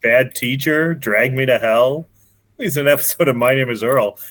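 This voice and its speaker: A man's voice: mid-range voice, moderate pace, a bit bright, no echo. A man co-hosting a podcast, leading the segment in an upbeat, easygoing chat and laughing often. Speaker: podcast co-host. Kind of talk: casual chat.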